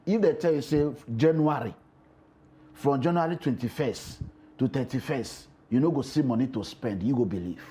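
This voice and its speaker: Speaking with a Nigerian accent, a male comedian guest chats animatedly on a TV interview, mixing pidgin into his English. He has a mid-range voice at a moderate pace, with slight background noise.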